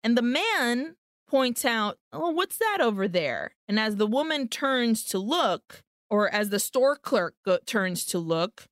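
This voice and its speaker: Brief: woman podcast co-host, animated storyteller, slightly high, smooth crisp voice, dry close sound. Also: takes it slowly, dry recording. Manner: animated retelling, acting out characters' lines, swearing. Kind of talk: casual film recap chat.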